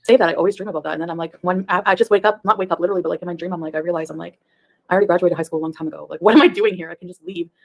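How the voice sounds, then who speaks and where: Fast-talking chatty woman streamer. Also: lowish voice, steady tone, vocal fry. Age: 30s. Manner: chatty, rambling, laughs often. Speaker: YouTube reaction streamer. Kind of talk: casual livestream chat.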